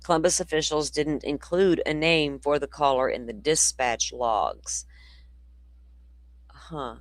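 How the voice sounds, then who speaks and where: A woman with a low voice hosts a true crime show, taking her time in a recording with no room sound. She reads news reports aloud and keeps breaking off into opinionated, conversational asides aimed at her viewers.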